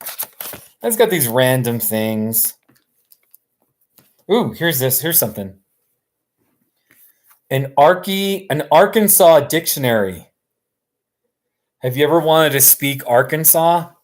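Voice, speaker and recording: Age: adult. Sex: man. Style: unhurried casual live stream chat. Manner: relaxed, rambling, chuckling. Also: fairly high pitch. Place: sitting on a couch at home.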